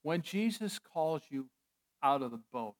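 A man preaching a sermon as pastor, retelling a story with animated excitement and frequent chuckles. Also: a little high, unhurried. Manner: chuckles often.

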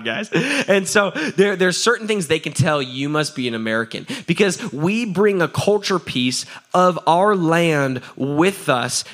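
Pastor, male, fairly high voice, energetic casual sermon, works the crowd, laughs often. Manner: energetic, asks the crowd for answers; laughs often, repeats "right?".

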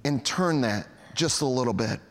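Animated preacher in an echoing hall. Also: male voice, mid-range voice, moderate pace. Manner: storytelling, animated, addresses the congregation as guys. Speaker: pastor. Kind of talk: sermon.

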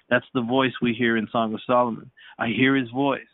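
A man's voice: medium pitch, little pitch movement, moderate pace, no room sound. A man leading a podcast Bible study, preaching fervently with frequent hallelujahs and restarts. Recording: dry, phone-like sound.

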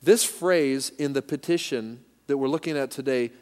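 A man's voice: medium pitch, measured pace, hardly any pauses, darkish tone. A man preaching a sermon with emphasis, leading his congregation to repeat lines back. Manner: emphatic, leads call-and-response. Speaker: pastor. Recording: echoey hall reverb.

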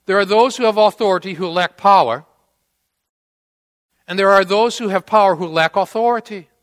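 A man's voice: sits high, moderate pace, fairly bright tone. A man preaching a sermon, telling a story with dramatic acted quotes. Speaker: pastor. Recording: long church-hall reverb.

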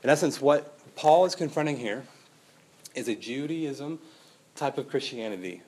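A young adult man preaching a sermon as pastor, conversational and animated, asking the room rhetorical questions and acting out quotes. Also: mid-range voice, moderate pace, slightly rough.

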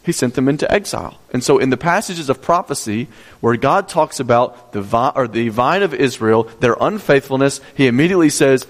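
A man's voice: mid-range voice, expressive, brisk, long reverb tail. A male pastor preaching a sermon, teaching step by step, repeating key points and asking the congregation questions.

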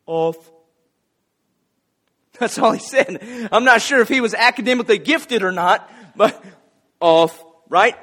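A man's voice: sits high, unhurried, bright, forceful tone. A man preaching a casual, folksy sermon, telling anecdotes and joking with the congregation. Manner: folksy, conversational, jokes with the congregation.

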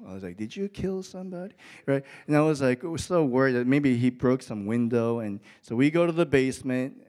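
A man's voice: mid-range voice, a little mellow. Man preaching a storytelling sermon. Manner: storytelling, rising to emphatic peaks. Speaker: pastor. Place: church with an audience.

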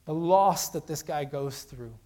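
A man preaching a sermon as pastor, earnest and conversational, swinging between loud emphasis and hushed, quiet lows. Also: measured pace.

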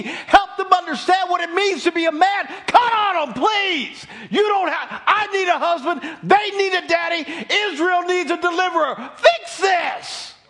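Guy putting on a shrill frantic wife, yelling and begging, high and loud. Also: exaggerated voice. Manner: shouting, pleading, high-pitched. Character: frantic pleading biblical wife, woman.

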